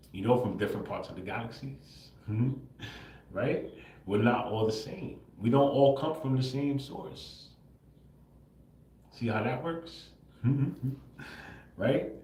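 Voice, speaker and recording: A man on a livestream talking straight to his viewers, tagging lines with "bro" and "right?", laughing often and swearing freely. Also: mid-range voice. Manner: swears casually. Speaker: livestream host. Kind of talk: casual livestream monologue. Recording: roomy echo.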